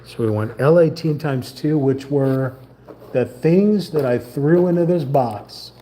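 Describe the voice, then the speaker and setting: A man's voice: mid-range voice, measured pace, dark tone, slight background noise. A man streaming live, joking and muttering to himself as he assembles a model. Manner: jokey, muttering to himself while building. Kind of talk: casual live-stream commentary.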